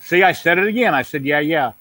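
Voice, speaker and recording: A man's voice: on the high side, lively intonation, fast talker, pushed and bright. A middle-aged man hosting a casual video call hangout, talking in a rambling, folksy way and often saying "yeah, yeah". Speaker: host.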